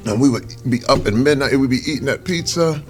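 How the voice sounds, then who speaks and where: A man's voice: mid-range voice, fast, faint music behind. A man being interviewed over a meal, telling earnest, reflective stories. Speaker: interview guest.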